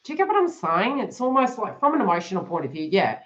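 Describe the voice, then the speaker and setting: A woman's voice: mid-range voice, huge pitch swings, fast talker. Chatty woman giving a live reading. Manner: chatty, laughs often, addresses viewers by name. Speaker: tarot reader hosting a live stream. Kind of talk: live stream reading to chat. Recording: dull lo-fi live stream audio.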